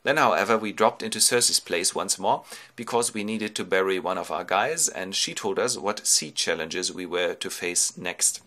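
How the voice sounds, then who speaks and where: Male host, from Germany, comic storyteller, animated delivery, breezy and colloquial. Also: low voice, normal speed. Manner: playful, colloquial, jumps into character voices. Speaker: host retelling a classic epic. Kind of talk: comic first-person retelling.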